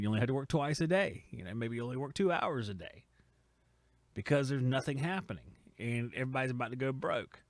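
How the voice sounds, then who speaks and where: A man's voice: mid-range voice, no room sound. A man hosting a casual live stream, reading viewers' comments off the screen and riffing on them with teasing jokes. He rambles loosely from one thought to the next. His voice sits in an ordinary middle register and sounds close and dry on a studio mic. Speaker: podcast host reading live chat.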